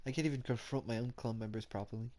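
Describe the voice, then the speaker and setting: A man reading the lines of a gentle, soft-spoken teenage girl club president in a dating game, in a mild, apologetic way. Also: medium pitch, steady tone, fast talker, lightly acted.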